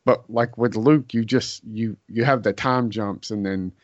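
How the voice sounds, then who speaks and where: A man in casual podcast chat, speaking slowly and deliberately. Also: on the low side, steady tone, dry recording. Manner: slow, drawn-out and deliberate. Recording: dry, dull lo-fi sound.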